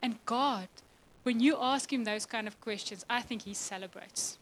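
A woman's voice: a little high, expressive, moderate pace, fairly bright tone, rough recording. A woman preaching a passionate, emotional sermon to a church, often laughing and voicing God's words.

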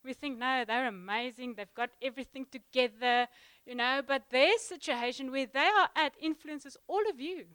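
A young woman giving a sermon in a church, chatty and halting, full of ums and restarts. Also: sits high, fairly bright tone, smooth, dry recording. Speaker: guest preacher. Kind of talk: sermon opening, casual warm address.

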